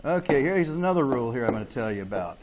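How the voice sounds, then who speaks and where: A man with a mid-range, sing-song voice lectures a chemistry class quickly, amid background noise and students. He's chatty and jokes around, often checking in with "okay?"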